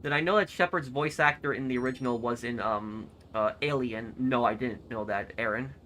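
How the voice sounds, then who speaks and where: A man's voice: mid-range voice, fairly quick, sharp tone, slight background noise. A man live-streaming a video game, casually reading viewer comments aloud and answering them in a rambling, friendly way. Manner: rambling, friendly, with frequent restarts.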